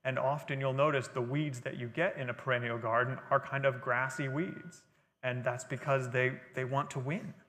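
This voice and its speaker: A man's voice: mid-range voice, steady tone, moderate pace, a bit bright, a little hiss or hum. Man lecturing in a reverberant hall. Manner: explanatory, conversational lecturing with fillers. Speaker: guest speaker. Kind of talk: library lecture on gardening. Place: library talk room.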